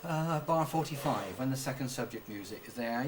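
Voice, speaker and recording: Speaking at a moderate pace with lively intonation and a medium pitch, a man gives a violin lesson from the piano. He is patient, sings out rhythms to illustrate phrasing and asks if he's understood, recorded by a distant mic in a rehearsal room where the piano sits.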